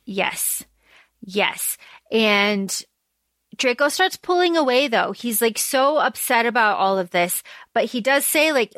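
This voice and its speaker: A woman with a fairly high voice recaps a story as a podcast co-host. She tells it animatedly, slipping into the lines as she goes. The recording is dry and close. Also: slow pace, no room sound. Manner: animated retelling, acts out lines in passing. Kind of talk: casual chat recapping a story.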